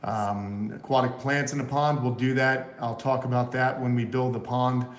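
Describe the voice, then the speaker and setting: A man's voice: mid-range voice, fairly even intonation, normal speed. A man with a runny nose chatting loosely on a live vlog about his tortoises and his house, full of "uh" fillers. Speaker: tortoise breeder and vlogger. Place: at home in Florida, indoors and by the front of his house. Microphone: phone camera, partly in selfie mode.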